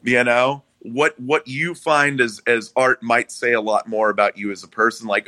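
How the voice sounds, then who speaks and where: A young man talking as a comedian guest, rambling and cursing freely while mocking himself. His voice is bright and forceful, recorded close and dry. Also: mid-range voice, fairly even intonation, moderate pace, few pauses, dry recording. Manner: profane, rambling, self-mocking. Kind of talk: casual interview chat.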